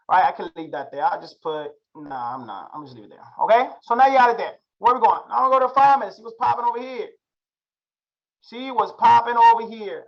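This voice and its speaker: A young trading instructor runs a live chart-reading class, slangy and hyped, drilling students with the same questions again and again. His voice is high-pitched and the sound is lo-fi.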